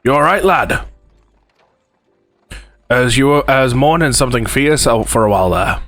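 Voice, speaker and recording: A man's voice: mid-range voice, moderate pace, fairly bright tone, no echo, faint music behind, lightly acted. Man playing a chatty old peddler. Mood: concerned. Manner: rambling folksy drawl, uneven put-on accent. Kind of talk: let's play voice reading.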